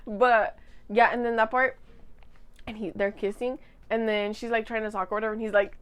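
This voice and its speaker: Rambling and gushing with giggles, a young woman talks casually into a desk microphone at home for her vlog. Her voice is on the high side, gravelly yet smooth, and she speaks at a moderate pace.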